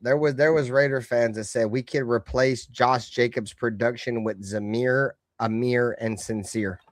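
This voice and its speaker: A man hosting a live fan stream, ranting with heavy cursing, swinging between loud outbursts and low mutters. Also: steady tone, unhurried, no room sound. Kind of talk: profane fan rant.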